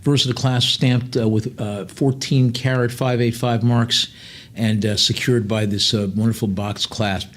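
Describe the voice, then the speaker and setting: A male auctioneer with a voice pitched in the middle range for a man, calling bids at a live sale. He talks in a loose, chatty way, wandering off into side stories and filling gaps with "uh" and "um" before getting back to the bids. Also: little pitch movement, a little slow. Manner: chatty, digressive, many fillers between bid calls.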